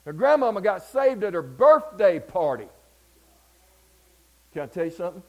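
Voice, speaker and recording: A man from Georgia with a Southern accent, preaching a sermon and telling stories, often calling out for an amen and moving between loud passages and hushed ones. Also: sits high, sing-song, normal speed, lo-fi sound. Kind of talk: sermon with storytelling.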